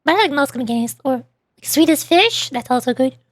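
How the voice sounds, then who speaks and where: A woman streaming and chatting casually with viewers, talking fast when excited and laughing often. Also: high-pitched, dry recording, studio quality. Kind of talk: casual livestream chat.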